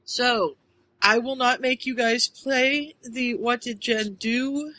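A woman with a bright, forceful voice hosts a podcast and chats casually. She tells stories in an animated way and laughs easily. Her pitch sits a little high. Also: slow pace, poor audio. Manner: animated storyteller, laughs often. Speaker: podcast host. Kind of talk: casual chat, retelling.

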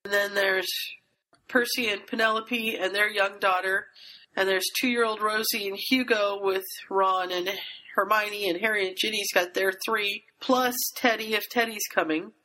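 A woman's voice: medium pitch, fairly even intonation, moderate pace, bright, forceful tone, poor audio. A woman hosting a casual chat podcast, chattily retelling a story and steering the discussion. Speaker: podcast host.

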